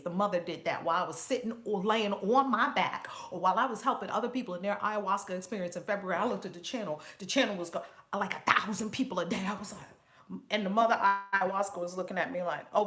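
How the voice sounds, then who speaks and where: Bright-voiced, animated woman livestream host. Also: mid-range voice. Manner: animated, laughs often, talks to chat viewers by name. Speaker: host and spiritual teacher. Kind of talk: casual live-stream talk.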